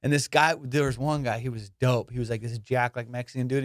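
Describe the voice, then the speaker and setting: A young man, a comedian hosting his podcast, telling a profane, animated story. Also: mid-range voice, brisk, no room sound, studio quality. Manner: profane, animated, acts out voices. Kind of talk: casual storytelling.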